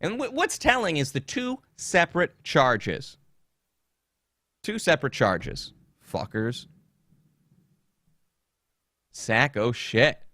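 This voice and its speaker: A man's voice: fairly high pitch, big pitch swings, slow, pauses often, sharp tone, no echo. A man hosting a podcast, telling a story in a casual, comedic way, indignant and swearing freely. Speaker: podcast host.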